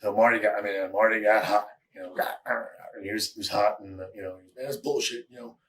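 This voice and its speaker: A man's voice: fairly low pitch, flat delivery, fast, fairly bright tone. A man as an interview guest, telling stories in a candid, rambling way with chuckles and plenty of fillers. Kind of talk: casual storytelling interview.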